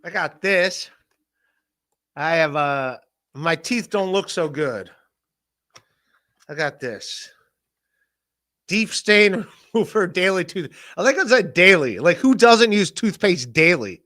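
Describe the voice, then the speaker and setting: A man hosting a podcast, rambling in a casual solo rant, swearing, laughing often and mock-shouting the people he quotes. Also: high voice, expressive, takes it slowly, long pauses. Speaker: podcast host.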